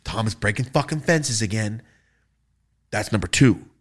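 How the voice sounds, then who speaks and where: Young man, podcast host, lively swooping pitch, profane, acts out voices, casual storytelling. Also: moderate pace.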